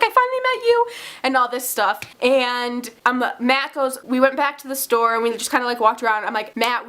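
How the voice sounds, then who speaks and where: A young woman telling a story in a casual vlog, rambling and excitable, full of fillers, her voice jumping up when she acts out her own reactions. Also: fairly high pitch. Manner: excitable, many "like"s, swearing, squeals when acting out her reactions. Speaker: vlogger.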